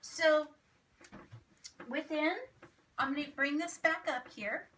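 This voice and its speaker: A woman's voice: high-pitched, takes it slowly, sharp tone. A woman teaching a grammar lesson to her children at home, patiently explaining with examples and checking in with "right?". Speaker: homeschool teacher. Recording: distant mic with faint noise.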